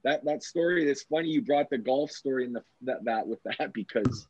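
A man hosting a casual chat, telling stories in an animated, profane, excitable way. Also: mid-range voice, fairly quick. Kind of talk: casual storytelling. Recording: dull, dry lo-fi audio.

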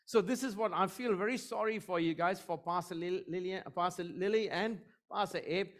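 A man's voice: high voice, normal speed. A middle-aged man preaching as a guest, praying fervently and repeating God at the end of phrases, then telling joking, self-deprecating stories about his family. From Eurasian, half Portuguese half Indian. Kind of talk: sermon with prayer and personal stories.

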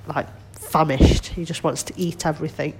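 A woman's voice: low-pitched, steady tone, moderate pace, noisy background. A middle-aged woman vlogging casually from her kitchen at home, chatty and rambling, nasal and congested with a cold. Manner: chatty, rambling, self-deprecating. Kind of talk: casual chat.

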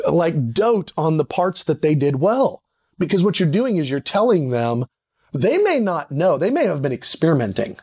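Animated man teaching on leadership. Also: normal speed, breathy edge, no echo. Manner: animated, acts out little dialogues with sudden pitch jumps. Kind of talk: conversational teaching talk.

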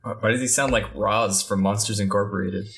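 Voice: low voice, fairly even intonation, background noise. A co-host on a casual podcast who jokes around and laughs often. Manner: jokey, slow, laughs often.

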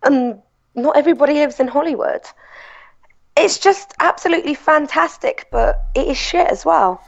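A woman's voice: sits high, animated, normal speed, gravelly, lo-fi sound. A woman speaking bluntly as a guest in a casual interview, swearing freely, over a call. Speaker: guest blogger.

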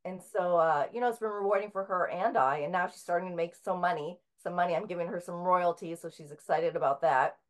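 Low-voiced woman author, halting chat. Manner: hesitant, many filler sounds and restarts. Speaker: author and interview guest. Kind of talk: casual conversational interview.

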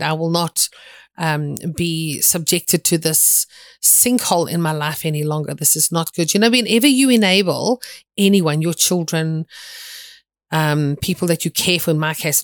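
A woman's voice: low voice, dry recording, clean studio sound. A middle-aged woman preaching a sermon, telling stories in an earnest way with frequent restarts.

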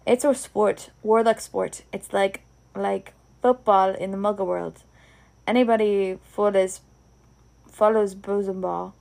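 A woman's voice: mid-range voice, fairly even intonation, unhurried, gravelly, a little mellow. A woman with a Scottish accent reading the lines of a big, kindly male groundskeeper giant in a rambling, homely way. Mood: explaining. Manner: rambling, homely Scots speech.

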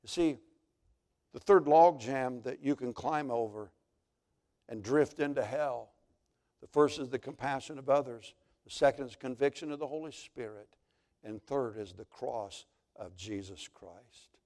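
A man's voice: medium pitch, unhurried, a little mellow. A male pastor, preaching a sermon as dramatic storytelling.

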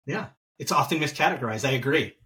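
A man hosting a relaxed podcast chat, his voice sitting a little back from the microphone at a middle pitch. He talks in an easygoing way and keeps up a steady run of quick "yeah"s. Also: recorded from a distance, background noise. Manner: easygoing, many filler affirmations. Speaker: podcast host. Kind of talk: casual interview chat.

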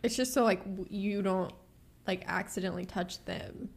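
Young female podcast co-host, heavy vocal fry, laid-back and hesitant. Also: mid-range voice, moderate pace. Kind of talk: casual chat.

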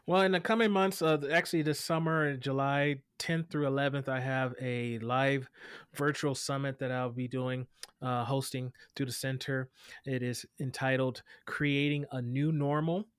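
A man answering an interviewer's questions as an equity educator, earnest and animated, often restarting his sentences. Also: medium pitch, normal speed, smooth, dry recording, studio quality. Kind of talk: interview conversation.

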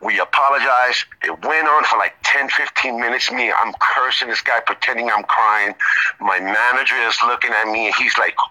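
Bright-voiced man telling stories. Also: mid-range voice, moderate pace, rough recording. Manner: animated storyteller. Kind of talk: casual storytelling.

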